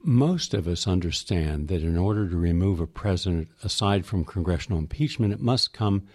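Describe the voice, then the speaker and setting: A man with a fairly low voice puts a long, formal question to a guest in a measured way. The sound is dry and close to the mic. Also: expressive, darkish tone, no echo. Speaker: interviewer.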